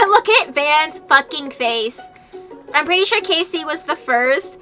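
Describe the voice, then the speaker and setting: A woman's voice: high-pitched, lively intonation, takes it slowly, sharp tone, soft background music. A young woman streaming a dating game, reading its text aloud and joking about it in a playful way.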